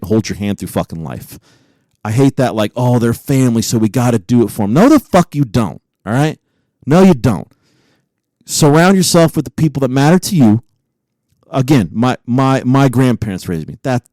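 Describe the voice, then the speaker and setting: A man's voice: mid-range voice, warm tone, dry recording, poor audio. A man co-hosting a podcast in casual chat, swearing often and getting heated as he rants. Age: adult with a son. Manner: profane, heated rant. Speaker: podcast co-host.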